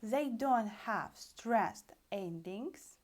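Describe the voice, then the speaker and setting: A young woman with a Russian accent teaching a language lesson online, animated and often calling out to her dear friends. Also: a little high. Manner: animated, repeats "dear friends", stretches out examples slowly.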